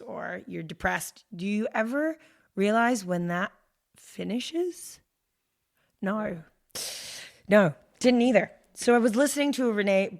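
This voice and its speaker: A woman's voice: mid-range voice, gravelly. A woman guest on a podcast talking candidly and animatedly, acting out her own inner thoughts in quoted asides. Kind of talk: candid conversational storytelling.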